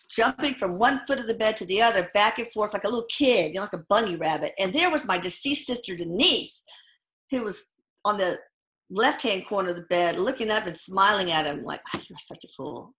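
A middle-aged woman with a bright, forceful voice tells her stories in a casual interview. She stops and restarts often and leans on fillers. The sound is roomy and echoey. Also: medium pitch, expressive. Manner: halting, full of fillers and restarts. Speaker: guest. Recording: echoey room.

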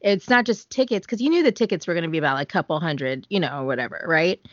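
A woman co-hosting a podcast in casual chat, talking fast and loose with lots of fillers and frequent laughs. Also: fairly low pitch, lively intonation, fairly bright tone, no echo. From United States. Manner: chatty, laughs often, many fillers. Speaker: podcast co-host. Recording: dull, dry podcast audio.

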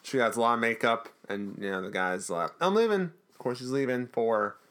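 A man's voice: mid-range voice, expressive, brisk, fairly bright tone, clear, resonant tone. A man co-hosting a podcast, recapping an episode in a chatty, jokey way. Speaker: podcast co-host. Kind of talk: casual recap chat.

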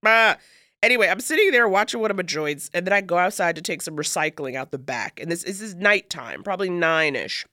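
A woman's voice: fairly low pitch, animated, fairly quick, bright, forceful tone, dry recording, clean studio sound. A woman co-hosting a podcast, telling a story in a rambling, self-mocking way, full of fillers. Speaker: podcast co-host. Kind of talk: casual storytelling chat.

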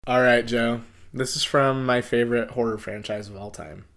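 A man co-hosting a podcast in casual chat, animated, laughing often and quoting movie lines. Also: medium pitch, moderate pace. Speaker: podcast co-host.

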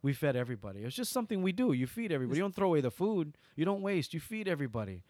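A man with a Hawaiian accent, a guest in an interview, who tells stories animatedly and swings from loud bursts to soft asides. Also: on the high side, sing-song, very fast, dry recording. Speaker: guest entertainer. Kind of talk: storytelling interview.

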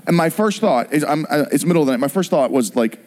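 A middle-aged man preaching a sermon, telling a personal story with animated storytelling and acted-out voices. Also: a little high, quick pace. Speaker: pastor.

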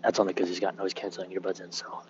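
A young man with a very low, flat voice rambles loosely and swears as he walks outdoors on a base. He sounds dull and lo-fi, with faint outdoor ambience behind him. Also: very fast, slight background noise. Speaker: sailor recording a podcast. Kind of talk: casual rambling monologue while walking. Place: outdoors on a military base, cold.

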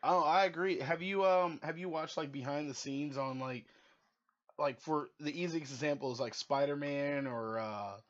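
A man's voice: fairly high pitch, fairly even intonation. A man co-hosting a podcast, chatting casually and laughing often. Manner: slow, giggly conversational. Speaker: podcast co-host. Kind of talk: casual chat. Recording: dull lo-fi podcast recording.

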